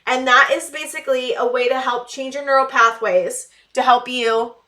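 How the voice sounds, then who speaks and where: A woman reads tarot cards in a casual, heartfelt way. Her voice sits a little high and sounds bright. She pleads earnestly, doubles back on her words and leans on fillers. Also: fairly even intonation, moderate pace, slight background noise. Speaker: tarot reader. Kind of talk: casual tarot reading to camera.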